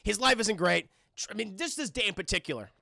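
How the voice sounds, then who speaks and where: A young man recapping a cartoon episode for his live chat, excitable and profane, breaking into voices for the characters. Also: high-pitched, quick pace, vocal fry, dry recording, studio quality. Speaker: streamer reviewing a cartoon.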